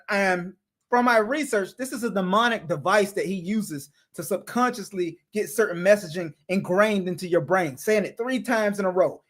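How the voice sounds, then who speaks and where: A commentator reacting to a video, blunt, profane and scornful. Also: mid-range voice.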